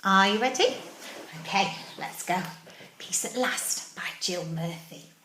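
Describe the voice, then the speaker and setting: A woman teacher reading a picture book aloud to young children, animated, asking them questions and dropping into whispers. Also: mid-range voice, takes it slowly, noisy background. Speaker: early-years teacher. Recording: roomy echo.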